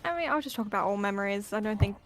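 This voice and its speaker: A woman's voice: mid-range voice, animated, racing, faint music behind. A woman playing in a tabletop game, chatting in a rambling, self-correcting way with frequent laughs. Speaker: player.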